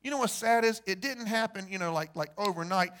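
A man preaching a sermon, telling stories and acting out the people in them, building to loud emphasis. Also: sits high, a little fast. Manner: storytelling, acts out quoted voices, rises to loud emphasis. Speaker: pastor.

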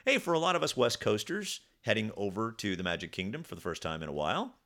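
Male podcast co-host; bright, lively, casual and chatty. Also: lowish voice, fast. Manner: chatty, trailing off with fillers. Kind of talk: casual chat.

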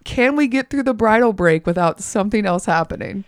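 A woman's voice: mid-range voice, animated, fairly quick, smooth, dry recording, studio quality. A woman co-hosting a podcast, chatting casually with a friend, rambling into asides and laughing often. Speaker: podcast co-host. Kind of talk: casual chat.

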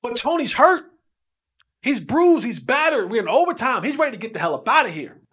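Casting note: man, fairly high voice with a wide, bouncing pitch, podcast host spinning an emphatic sports tale. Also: brisk, husky. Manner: lively, emphatic, acts out quotes with repeated phrases. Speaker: podcast host, former football player. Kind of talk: animated storytelling.

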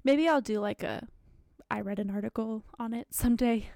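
A woman's voice: a little high, moderate pace, creaky, mellow, no room sound. Chatty young woman podcast host, dry sound. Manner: chatty, rambling with frequent fillers. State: has the hiccups. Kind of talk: casual chat.

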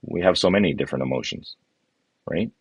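Male podcast host, very low and husky, earnest and rambling. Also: fairly quick. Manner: earnest, rambling with many restarts. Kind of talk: podcast conversation.

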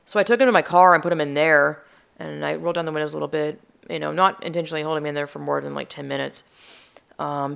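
A woman's voice: low voice, gravelly, clear, resonant tone. A woman chatting casually, rambling and swearing as she tells a story, with lots of fillers and restarts. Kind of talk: casual chat.

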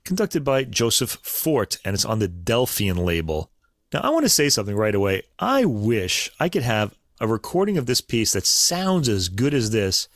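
A man co-hosting a casual podcast, chatting about classical recordings in a relaxed way with fillers and asides. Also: mid-range voice, dry recording, studio quality. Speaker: podcast co-host.

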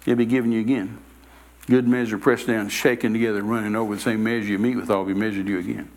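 A man voicing Jesus as a calm teacher, reciting scripture slowly and evenly in a lowered voice. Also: lightly acted, rough recording. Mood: solemn. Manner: slow, low, measured recitation of scripture.

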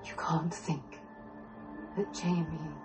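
An actress playing a worried, protective mother, pleading softly and earnestly in a drama clip. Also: low voice, level tone, slow pace. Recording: echoey distant clip with music.

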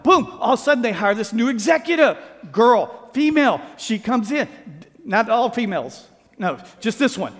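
A man's voice: very high voice, moderate pace. A man preaching a sermon as pastor, telling stories with acted-out quotes and playful asides. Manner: animated storytelling, acts out quotes, playful asides. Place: church sanctuary. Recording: reverberant sanctuary sound.

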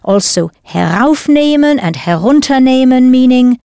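A woman leading a scripted audio language lesson, explaining patiently and deliberately into a close studio mic. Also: sits high, animated, warm tone, no room sound. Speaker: language teacher.

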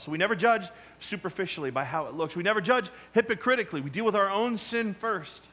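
A male pastor preaching a sermon, emphatic, moving between loud challenges and quiet asides. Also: sits high.

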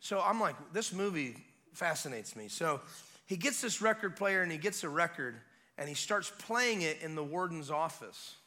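A man preaching a revival sermon as guest preacher, retelling a scene in an animated way with casual asides. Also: fairly high pitch, normal speed. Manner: animated storytelling, acting out scenes; conversational asides.

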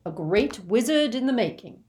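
A woman voicing a gentle, worn-out middle-aged wizard man in a storybook reading, earnest and exclaiming. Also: on the high side, animated, moderate pace, pitched above the performer's own voice, close to an everyday voice. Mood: overjoyed.

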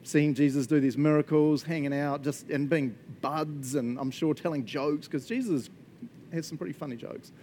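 A man preaching a casual, conversational sermon, animated and chatty, often checking in with his listeners. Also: a little high, normal speed, a little hiss or hum. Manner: animated and chatty, frequent laughs and "right?" check-ins.

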